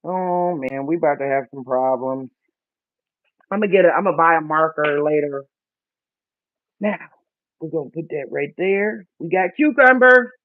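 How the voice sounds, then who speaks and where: A man's voice: on the high side, expressive, no echo. A man chatting casually while he sets up seeds for his first garden. He jokes about himself and stumbles as he reads planting instructions aloud. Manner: chatty, self-mocking, reads labels aloud haltingly. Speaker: vlogger. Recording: dry, tinny phone-like sound.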